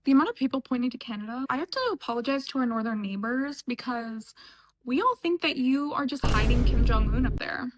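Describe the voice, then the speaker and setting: A woman's voice: a little high, brisk, background noise. A young woman from upstate New York, chatting casually and sarcastically as she reacts to clips, often laughing. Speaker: reaction vlogger. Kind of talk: casual chat.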